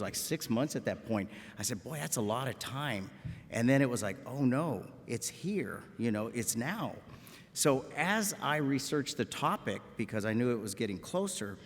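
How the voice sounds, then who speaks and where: A medical school professor in his fifties from the Rio Grande Valley in South Texas gives a folksy, joking commencement address, often tacking on a questioning "okay?" His medium-pitched voice carries a South Texas accent, with long reverb in a large graduation auditorium and slight background noise.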